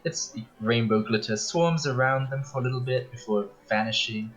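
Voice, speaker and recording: A man narrating a tabletop role-playing game as game master, unhurried and full of fillers. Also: medium pitch, fairly bright tone, low-quality recording. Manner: unhurried, with frequent fillers and laughs.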